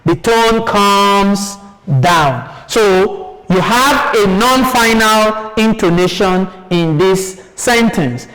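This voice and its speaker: A man's voice: high-pitched, very slow, background noise. A man with a Nigerian English accent teaching a televised primary school lesson, asking his pupils questions and then answering them in a sing-song teaching voice. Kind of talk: classroom lesson on TV. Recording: long hall reverb.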